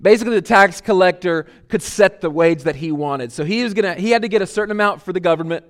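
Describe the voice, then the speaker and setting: A man's voice: sits high, quick pace. A man preaching a sermon as lead pastor, conversational with many fillers and restarts.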